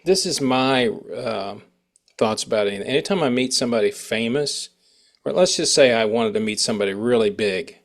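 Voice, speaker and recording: A man's voice: medium pitch, normal speed. A man hosting a casual interview who rambles and breaks off mid-sentence, restarting his thoughts. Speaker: interview host.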